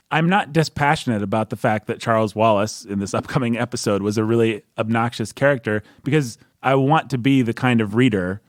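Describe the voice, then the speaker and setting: A man's voice: medium pitch, dry recording, studio quality. A man hosting a casual book-review podcast, jokey and teasing, from the United States. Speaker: podcast host.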